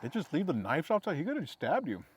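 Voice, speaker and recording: Very low, husky woman co-host. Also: wildly swooping pitch, quick pace, no room sound. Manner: short blunt reactions and questions. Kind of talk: casual podcast chat.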